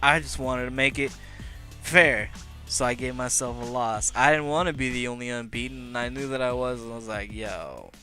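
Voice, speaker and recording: A man giving casual, joking commentary on his game, brash and hyped-up, now and then shouting. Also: medium pitch, fairly even intonation, brisk, soft background music. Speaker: Pokémon league player and video commentator.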